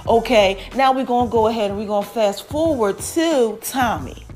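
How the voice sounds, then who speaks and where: A woman podcast host, recapping a TV episode in an animated, chatty way, calling her listeners y'all and acting out the characters' lines. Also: on the high side, normal speed, few pauses, soft background music. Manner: animated, addresses listeners as y'all, acts out quotes.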